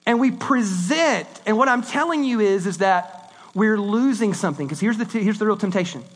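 A man preaching a sermon in a conversational, animated way, swinging between loud and hushed delivery. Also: high-pitched, moderate pace. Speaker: pastor.

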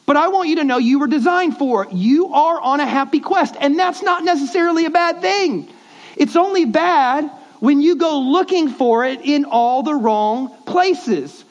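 A man's voice: very high-pitched, expressive, normal speed. A man pastor giving a conversational sermon, often prompting the congregation to repeat words back, on dull lo-fi audio.

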